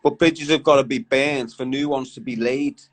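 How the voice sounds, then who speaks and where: A man's voice: mid-range voice, steady tone, normal speed, poor audio. A young man hosting a casual live stream, bantering with viewers in a slangy, chatty way. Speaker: livestream host.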